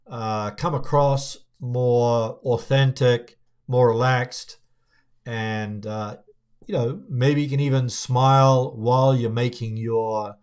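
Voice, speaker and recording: A young man coaching viewers on speaking to camera, talking in a relaxed, conversational way with frequent fillers and restarts. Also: medium pitch. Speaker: video coach. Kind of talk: casual on-camera tutorial.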